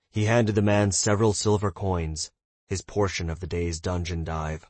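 A man with a fairly low voice reads a fantasy story aloud, steady in the narration and bolder when he voices the characters. The sound is dry and close, with no room around it. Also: moderate pace, dry recording. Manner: reads narration evenly, voices characters with shouts and raised pitch. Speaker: audiobook narrator.

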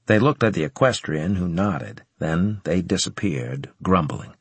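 A man narrating a first-person audiobook in a low, even, matter-of-fact way on a close studio mic. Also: measured pace, hardly any pauses, breathy edge, no echo.

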